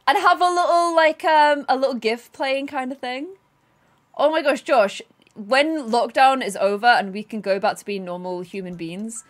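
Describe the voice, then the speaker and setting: A chatty, bubbly woman streaming a life sim game at her desk at home, talking to her viewers and her pets. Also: a little high. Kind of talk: casual live-stream chat.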